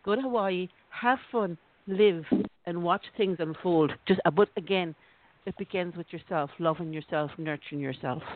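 A woman's voice: on the low side, normal speed. A woman hosting a call-in psychic show, giving a rambling, reassuring reading with frequent restarts. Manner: warm-hearted, rambling, restarts often. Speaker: radio show host, psychic. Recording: dry, tinny phone line.

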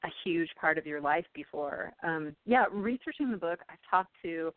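A woman from California speaks about her book as an interview guest. Her slightly low voice is thoughtful and full of small fillers. The audio is a thin phone line with no room sound. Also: animated, normal speed, no room sound. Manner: thoughtful, with frequent ums and you-knows. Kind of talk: casual interview talk.

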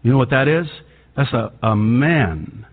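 A Lebanese-born man whose first language is Arabic, preaching a fervent sermon that swings between loud outbursts and quiet asides. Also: mid-range voice, expressive, measured pace. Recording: tinny phone-like sound with long hall reverb.

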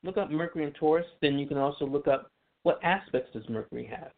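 A man's voice: a little high, fast, gravelly. A man explaining astrology in casual radio talk, chatty, with many fillers and restarts. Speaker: astrology guest. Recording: tinny phone line.

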